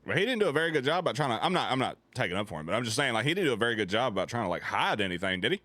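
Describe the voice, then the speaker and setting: A man's voice: medium pitch, sing-song, rapid-fire, pushed and bright, no echo, studio quality. A man streaming casual commentary as he reacts to videos, joking, swearing and laughing often.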